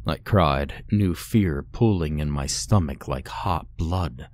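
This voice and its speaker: A man with a very low voice narrates a scripted horror story. He takes an unhurried, measured pace and builds tension with a dramatic storytelling manner. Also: darkish tone, dry recording.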